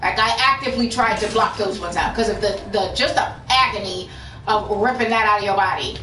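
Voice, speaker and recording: A woman's voice: medium pitch, a little fast, bright, forceful tone, slight background noise. A woman streamer telling personal stories to her live chat in a candid way, swearing freely. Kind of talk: casual storytelling to a live chat. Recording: roomy sound from a distant mic. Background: faint music.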